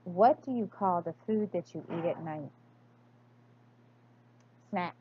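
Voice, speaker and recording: A woman's voice: lowish voice, slow pace, lo-fi sound, a little hiss or hum. A woman chatting casually through an accent tag video, hesitant and full of fillers and restarts. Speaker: crafting vlogger.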